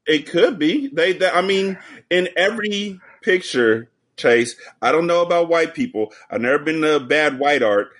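A man's voice: on the high side, expressive, moderate pace, a bit bright. A man as a podcast guest, telling stories and jokes in a profane casual chat over a video call. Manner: joking, profane storytelling.

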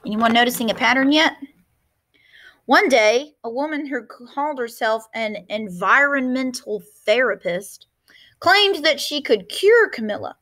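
A woman's voice: fairly high pitch, lively intonation, measured pace, a bit bright. A woman teacher reading a picture book aloud, expressively, stopping to explain words.

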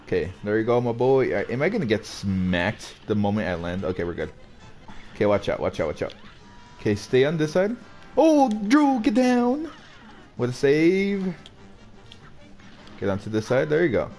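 A young man streaming a game, swearing a lot and joking excitably as he plays. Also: on the low side, moderate pace, pauses often. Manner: profane, excitable, jokey. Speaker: gaming streamer. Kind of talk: live gameplay commentary. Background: faint game music.

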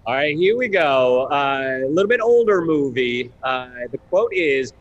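A man hosting trivia live from a brewery, reading out movie quotes in a measured, deliberate way. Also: on the high side, lively intonation, lo-fi sound, slight background noise. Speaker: trivia quizmaster. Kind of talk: reading quiz questions on live TV. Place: brewery, on location.

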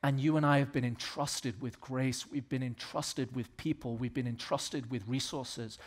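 A man's voice: medium pitch, steady tone, normal speed. Impassioned male pastor preaching. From Southern United States. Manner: impassioned preaching that swings between loud exhortation and quiet earnest asides. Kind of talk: sermon. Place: church.

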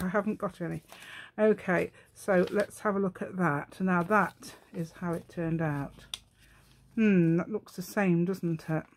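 A woman's voice: lowish voice, a little hiss or hum. A middle-aged woman hosting a casual crafting tutorial, chatting as she works, thinking aloud, poking fun at herself and humming little tunes. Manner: chatty, thinks aloud, self-mocking, hums and sings to herself. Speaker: craft channel host.

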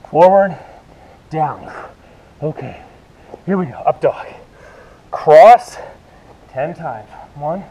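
A man's voice: on the high side, lively intonation, drawn-out words, long pauses, dark tone, low-quality recording. A man leading a yoga workout, counting reps and cueing moves while he exercises, out of breath. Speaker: fitness instructor. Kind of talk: coaching a workout video.

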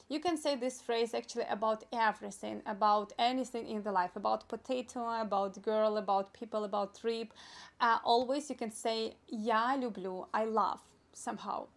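A young woman with a Ukrainian accent, a native Ukrainian speaker teaching phrases in a casual lesson and repeating each word slowly and carefully. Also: fairly high pitch. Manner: slow, careful repetition of foreign words. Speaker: language teacher. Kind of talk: casual spoken language lesson.

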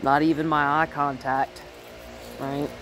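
A woman's voice: sits low, flat delivery, slow pace, fairly bright tone, soft background music. A woman dog trainer giving a casual, step-by-step demonstration at home, often checking in with "right?". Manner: chatty, explains step by step, often adds "right?". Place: at home and in the yard with her dogs.

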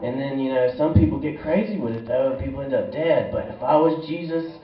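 A man's voice: mid-range voice, expressive, brisk. A young man doing a stand-up comedy set in a small club, rambling and profane with a laid-back stoner delivery. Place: small bar or club stage. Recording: echoey room, far from mic, dull lo-fi sound.

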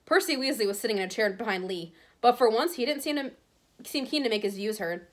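A woman teacher reading a novel aloud to her class at a steady pace, now and then stumbling and correcting herself. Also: a little high, quick pace.

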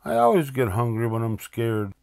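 A man's voice: mid-range voice, big pitch swings, moderate pace, vocal fry, darkish tone, clean tone, dry recording, clean studio sound, voice pushed up. An older man voicing an anxious, always-hungry young rabbit boy who talks in a fretful, gloomy way.

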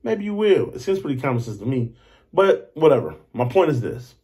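A man hosting a podcast, telling a story in a loose, animated monologue. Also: fairly quick. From Detroit. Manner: animated storytelling, acts out others in high voices. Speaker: podcast host. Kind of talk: casual monologue.

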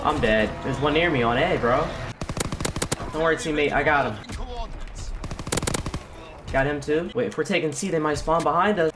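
Excitable gamer guy over gunfire. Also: a little high, moderate pace, long pauses, noisy background. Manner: excitable, swearing, slangy. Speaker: gaming channel host. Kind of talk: live gameplay commentary. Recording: game gunfire behind voice. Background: gunfire and game sounds.

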